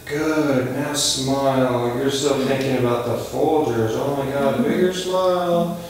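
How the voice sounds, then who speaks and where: A pushy, overexcited casting director, played by a man, rattles off rapid directions and jumps up loudly whenever he gets excited. His voice bounces around a very echoey room, heard from well back from the mic over steady noise. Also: mid-range voice, recorded from a distance, close to an everyday voice. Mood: brisk. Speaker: casting session runner. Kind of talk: scripted comedy sketch.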